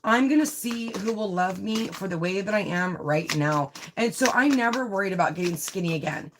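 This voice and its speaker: A woman's voice: mid-range voice, lively intonation, brisk. Woman tarot reader on a livestream; chatty, confiding delivery, mid-range voice, faint noise behind. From Italian heritage. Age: adult with a child. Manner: chatty, confiding, peppered with "right?" and "you know". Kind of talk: live tarot reading.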